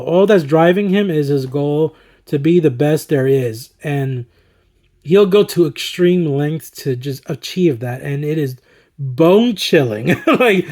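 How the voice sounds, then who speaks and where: A slightly hoarse man talking enthusiastically through his favorite movies, rambling with fillers and chuckles. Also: on the high side, darkish tone. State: slightly hoarse, throat recovering. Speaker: movie collector and vlogger. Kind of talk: casual movie-ranking commentary.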